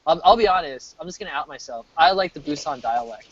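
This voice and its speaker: An American man in his thirties chatting casually while he streams, rambling, restarting sentences and getting animated. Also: fairly high pitch, fast talker, slight background noise. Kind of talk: casual chat. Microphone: desk mic. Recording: dull lo-fi mic.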